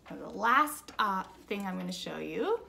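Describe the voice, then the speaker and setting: A young woman teacher giving a slow, patient music lesson to children, asking them simple questions. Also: medium pitch, big pitch swings, gravelly, sharp tone, a little hiss or hum.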